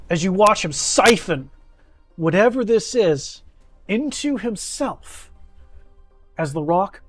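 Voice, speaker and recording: Man game master, high and animated delivery, rambling and casual. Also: takes it slowly, long pauses, soft background music. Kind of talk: narrating a tabletop game.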